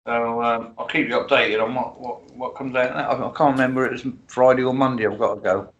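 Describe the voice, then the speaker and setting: An older man in casual chat, halting and offhand. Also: medium pitch, fairly even intonation, fairly bright tone, highs cut off. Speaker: stream co-host.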